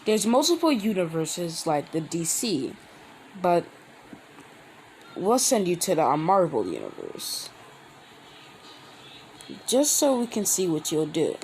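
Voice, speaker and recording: A man hosting his own channel, telling a fan-made story in a rambling, halting way with many restarts. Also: high-pitched, huge pitch swings, darkish tone, slight background noise, rough recording. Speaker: channel host. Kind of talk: casual fan-fiction storytelling.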